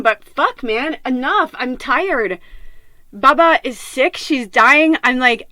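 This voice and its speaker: Tearful and frequently cursing, a middle-aged podcast host rambles through an emotional, unpolished monologue. Her voice sits high with a sharp edge, and the recording has no echo.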